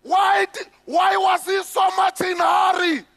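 A man with a South African accent voicing an indignant, sharp-tongued grieving widow who scolds with exasperated questions. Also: very high voice, flat delivery, measured pace, a faint crowd, voice pushed up. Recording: echoey hall with faint music.

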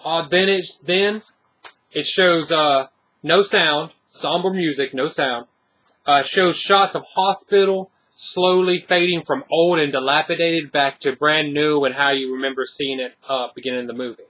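A man with a somewhat high, bright, forceful voice talks through a horror movie review in loose, casual speech. He rambles, circles back and leans on filler words. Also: steady tone, measured pace. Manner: rambling, many fillers and restarts.

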